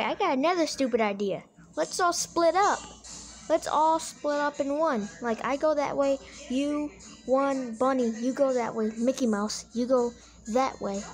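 A woman's voice: high-pitched, a little mellow. A woman giving silly, playfully dramatic commentary while playing a horror game, joking her way along. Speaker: game video creator.

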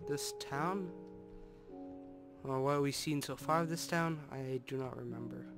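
Chatty man over loud music. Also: mid-range voice, a little slow. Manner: rambling, chatty, full of hmms and asides. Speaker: let's play host. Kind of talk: casual gameplay commentary. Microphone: desktop microphone. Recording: music playing loudly in the room.

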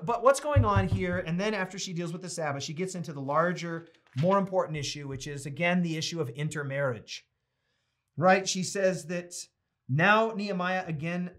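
A man's voice: high voice, fairly bright tone. An American man leading a casual Bible study, reading passages aloud and telling chatty stories between them. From United States. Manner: chatty and anecdotal, reads quotes aloud. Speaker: Bible teacher.

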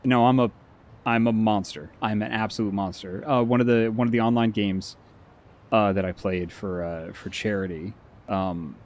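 A man's voice: fairly low pitch, moderate pace. A man co-hosting a game stream, chatting casually and acting out other people's lines as he tells a story. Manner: animated storyteller, acts out friends' lines. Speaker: stream co-host. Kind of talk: casual chat.

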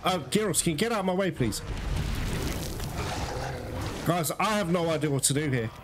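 A man's voice: on the high side, animated, moderate pace, heavy background noise. A man commentating his own video game playthrough, frustrated and swearing as he plays. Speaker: gameplay commentator. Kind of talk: casual gameplay commentary. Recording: loud game music behind the voice.

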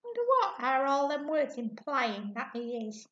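A woman teacher guiding a reading lesson, asking her pupils questions patiently and often clearing her throat. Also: high-pitched, very animated, a bit bright. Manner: slow and patient, asks questions to the class. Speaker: primary school teacher. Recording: echoey room, dull lo-fi sound.

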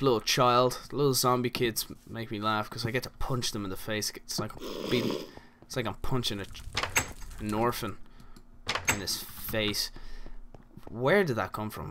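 A man's voice: mid-range voice, fairly bright tone, a little hiss or hum. An Irish man giving casual, rambling commentary while playing a game, full of crude jokes and asides. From Ireland. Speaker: gaming channel host.

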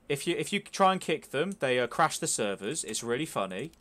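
A man's voice: mid-range voice, big pitch swings, moderate pace, fairly bright tone. Sweary young man streaming. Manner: sweary, joking, chatty. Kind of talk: casual gameplay commentary.

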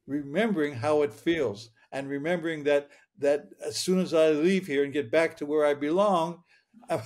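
An older man in his eighties, a guest speaking with a somewhat high-pitched voice. He tells his story in an earnest, plain way and often stumbles over repeated words. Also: a little mellow. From Michigan, United States. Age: 80s. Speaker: interview guest. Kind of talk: storytelling interview.

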